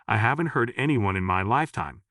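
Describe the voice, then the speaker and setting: A man's voice: medium pitch, animated, fairly quick, sharp tone, no echo, studio quality. A man reading an arrogant prince. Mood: defiant. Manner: defiant, denying. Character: arrogant scheming young prince.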